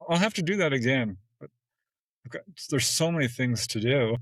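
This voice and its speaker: A man talking as a podcast guest in casual storytelling, acting out quoted exchanges with sudden jumps in pitch and laughing often between phrases. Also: animated, moderate pace, a bit bright, breathy edge, no room sound, low-quality recording.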